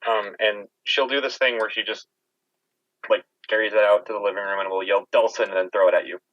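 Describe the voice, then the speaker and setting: A man's voice: on the low side, steady tone, a little fast, dry recording. Young man chatting on a lo-fi mic. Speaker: podcast co-host. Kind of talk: casual chat. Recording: dull, lo-fi mic.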